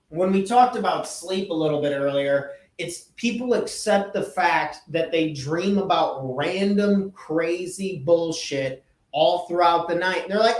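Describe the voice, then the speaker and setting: A man's voice: on the high side, a little slow. A man hosting a podcast, giving a casual motivational talk in an earnest, emphatic way and repeating his key phrases. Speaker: podcast host. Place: indoor room with a whiteboard. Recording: echoey room, voice from off-mic.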